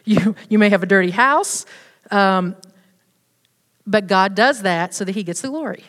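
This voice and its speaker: A woman's voice: mid-range voice, a little slow, fairly bright tone. Woman speaking in a reverberant hall. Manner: conversational, many fillers and restarts. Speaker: speaker at a church women's event. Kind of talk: personal testimony talk.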